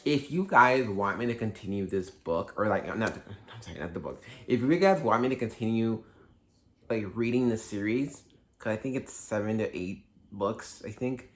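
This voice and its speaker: A man casually reviewing books for his channel, rambling with lots of "like" and restarting his sentences. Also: lowish voice. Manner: rambling, heavy use of "like", frequent restarts. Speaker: book vlogger. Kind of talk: casual book review vlog.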